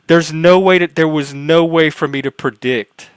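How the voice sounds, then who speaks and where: A man's voice: a little high, fairly even intonation, moderate pace, clean tone, no echo. A man on a livestream panel telling a personal story in casual talk, earnest and rambling, with frequent restarts and self-corrections. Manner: earnest, acts out quoted dialogue.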